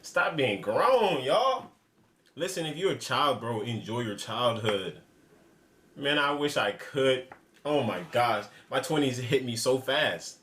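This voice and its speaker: A man's voice: medium pitch, a little slow, fairly bright tone. A man in his twenties doing casual reaction commentary, exclaiming and scolding as he talks back to a clip. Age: 20s. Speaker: reaction video host. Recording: echoey room with faint noise.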